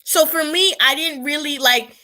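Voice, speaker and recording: A woman's voice: high voice, moderate pace, bright, forceful tone. A young woman from New York, a guest on a video call, talking casually and thinking aloud as she reflects. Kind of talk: casual conversation.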